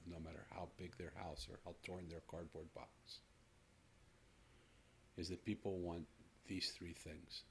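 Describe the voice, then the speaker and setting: In his sixties, a podcast host shares a personal story with his guest in an earnest, reflective way. His voice is low, with slight background noise.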